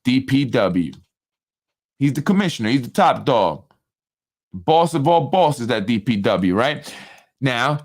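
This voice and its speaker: Animated New man hosting political talk. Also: mid-range voice. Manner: animated, repetitive, with frequent tag questions; acts out other people's speech in quoted voices. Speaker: political talk show host. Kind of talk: casual political commentary to an audience.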